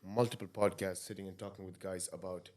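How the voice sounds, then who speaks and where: A male podcast host with a fairly low voice asks his questions in a relaxed, casual way. He talks softly and often trails off before rephrasing what he means. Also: brisk. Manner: soft-spoken, trailing off and restarting. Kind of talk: casual interview.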